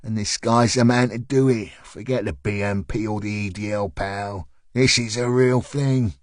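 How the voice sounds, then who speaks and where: A man voicing a brash, heavy-set male recruiter in his thirties with a South London accent, needling and loud. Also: on the low side, steady tone, normal speed, close to an everyday voice. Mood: cocky.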